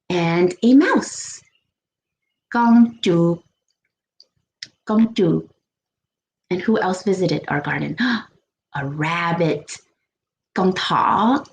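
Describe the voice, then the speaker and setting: A woman children's librarian leading a bilingual storytime, slow and playful, with gasps and animal sounds. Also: medium pitch, roomy sound, low-quality recording.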